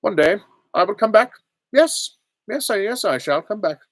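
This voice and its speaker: A man's voice: high voice, lively intonation, normal speed, a bit bright, dry recording, studio quality, voice pushed up, heavily acted. A man doing a testy, quavering old time traveller. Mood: imperious. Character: fussy, imperious old male time traveller.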